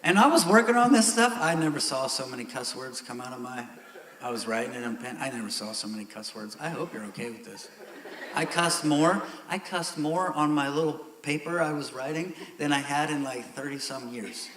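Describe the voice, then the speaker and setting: A middle-aged man preaching a sermon as pastor, candid and growing loud and emphatic. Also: mid-range voice, moderate pace. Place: church sanctuary. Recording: echoey church hall.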